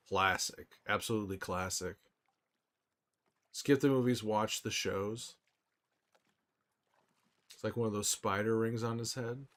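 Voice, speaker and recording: A young man with a mid-range voice chats casually on a live stream, reading viewers' messages aloud and answering them in a relaxed, rambling way.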